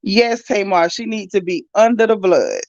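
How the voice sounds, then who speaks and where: Female livestream host, gravelly and chatty, reading viewer comments. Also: mid-range voice, no room sound, highs cut off. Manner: chatty, animated, talks straight to viewers. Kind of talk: casual livestream chat.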